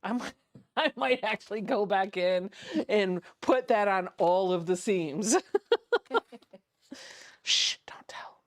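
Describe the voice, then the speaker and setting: A woman's voice: mid-range voice, unhurried, no room sound. A woman sewing vlogger chatting and laughing at herself while she works on a quilt. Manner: chatty, laughing, self-mocking. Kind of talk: casual chat while sewing.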